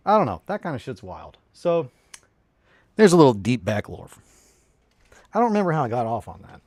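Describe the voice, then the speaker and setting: A man's voice: mid-range voice, moderate pace, pauses often, no room sound. A young man from England with a southern English accent, chatting casually on a hobby live stream as a rambling, swearing storyteller. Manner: rambling, profane, animated storyteller.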